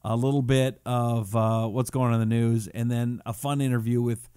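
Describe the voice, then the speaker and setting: A man's voice: medium pitch, flat delivery, moderate pace, warm tone, clean tone, no echo, studio quality. A man hosting his own live talk show in a casual, playful, joking way, greeting his listeners. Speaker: radio and podcast host.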